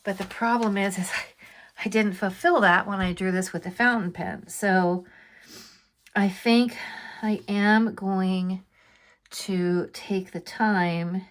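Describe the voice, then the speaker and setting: Slow, hesitant older woman rambling. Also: mid-range voice, steady tone. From USA. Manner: rambling, hesitant, many fillers. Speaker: coloring book artist. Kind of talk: casual talk while drawing. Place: home, at a drawing desk.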